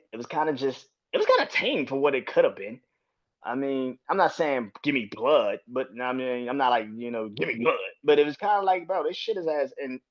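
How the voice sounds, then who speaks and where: A man's voice: mid-range voice, muffled recording. A man hosting a solo wrestling review podcast, ranting with heavy swearing and frequent restarts. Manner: profane, ranting, repetitive restarts. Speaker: podcast host.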